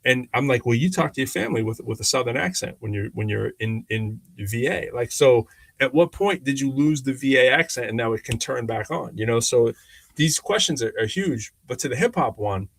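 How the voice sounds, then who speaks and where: A man co-hosting a podcast chats casually and animatedly, telling stories and restarting his sentences often. His medium-pitched, creaky voice moves fairly quickly, and the recording is dry.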